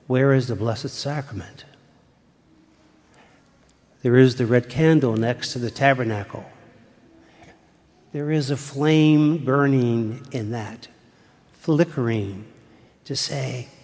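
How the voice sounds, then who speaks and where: An older man, a retired priest, preaching a sermon in a church, telling the story slowly and dropping to a hushed whisper at times. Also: medium pitch. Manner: slow, deliberate storytelling with dramatic hushed whispers. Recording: long church reverb.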